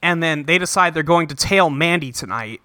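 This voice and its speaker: A man hosting a casual podcast, recapping a cartoon episode, swearing freely and acting out the characters in quick voices. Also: a little high, bright, forceful tone, no room sound, clean studio sound. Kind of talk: casual chat.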